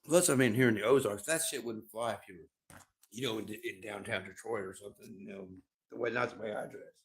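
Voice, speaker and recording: At home on a livestream, a middle-aged man speaks briskly in a lowish voice. He rambles, curses frequently, and repeats himself as he goes.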